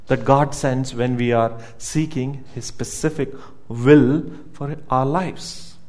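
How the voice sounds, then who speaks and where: Slow, emphatic preaching man. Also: on the high side, expressive. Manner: emphatic, repeats words while building a point; asks the congregation questions. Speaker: pastor. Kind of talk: sermon.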